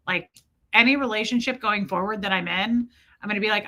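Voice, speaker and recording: A woman hosting a casual livestream, chatty and joking, who greets her viewers by name; her voice is slightly hoarse. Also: on the high side, expressive, brisk, pushed and bright. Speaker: livestream host.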